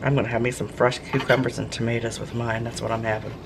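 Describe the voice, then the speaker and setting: A woman's voice: a bass voice, little pitch movement, fast talker, vocal fry, background noise. A woman chatting casually to camera in her home kitchen, folksy and gushing over fresh food. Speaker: home cooking vlogger. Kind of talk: casual cooking chat to camera. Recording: kitchen clatter of pots and dishes.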